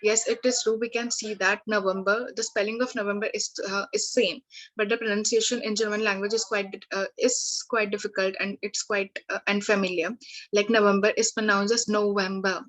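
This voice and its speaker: A woman language tutor giving a lesson, slowly working through word lists with frequent fillers and restarts. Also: mid-range voice, flat delivery, a bit bright, low-quality recording.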